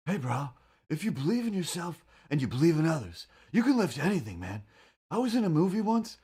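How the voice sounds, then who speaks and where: A man doing a talking house cat with a chill surfer-bro attitude. The voice sits higher than normal speech and has a breezy, offhand lilt. Its tone sounds noticeably changed from an everyday voice. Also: sing-song, fairly quick, mellow, slightly rough, heavily acted. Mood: laid-back. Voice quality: breezy, dude-speak. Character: laid-back talking male cat, surfer-bro manner.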